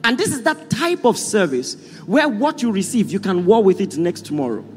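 Male Nigerian pastor, high animated preaching voice, rousing call-and-response, hall echo with faint music underneath. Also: moderate pace. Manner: rousing call-and-response, often shouting to the congregation. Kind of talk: sermon.

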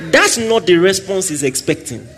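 A man preaching a sermon, swinging between loud exclamations and soft asides and acting out little scenes. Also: high-pitched, a little hiss or hum. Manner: acts out little scenes with quoted voices and laughter.

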